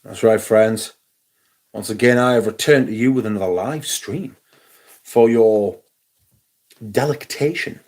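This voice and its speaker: A man's voice: lowish voice, unhurried, darkish tone. A man hosting a casual live stream, chatting wryly and greeting viewers by name. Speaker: livestream host.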